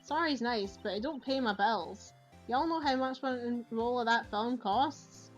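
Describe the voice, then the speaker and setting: A woman's voice: fairly high pitch, unhurried, close to an everyday voice. A woman reading a game aloud, voicing a brash Southern woman photographer with a put-on drawl. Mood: indignant. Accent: American Southern, put on. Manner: drawling, feisty. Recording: dull lo-fi audio, faint game music.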